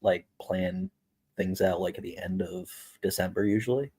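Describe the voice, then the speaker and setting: A man's voice: low voice, moderate pace, warm tone, husky. A man from upstate New York, a comic writer guesting on a talk show, speaking hesitantly with lots of fillers. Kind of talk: casual chat.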